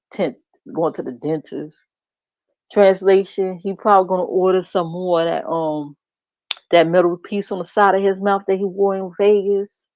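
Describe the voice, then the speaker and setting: A woman streamer drawls through profane, mocking gossip commentary, laughing often. Her voice sits a little low and the audio is dry and slightly muffled. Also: darkish tone, no echo. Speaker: reaction streamer.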